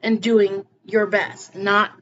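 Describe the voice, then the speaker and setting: A woman's voice: medium pitch, little pitch movement, takes it slowly, a bit bright. A woman talking earnestly to her viewers in a rambling personal vlog, often restarting her sentences. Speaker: spiritual vlogger. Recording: slightly muffled with faint background noise.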